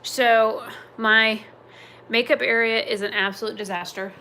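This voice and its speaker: A woman's voice: on the high side, fairly even intonation, measured pace, pushed and bright. A young woman chatting casually during a live stream from her kitchen, rambling and going off on tangents. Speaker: vlogger. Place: home kitchen. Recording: home recording with clear background noise.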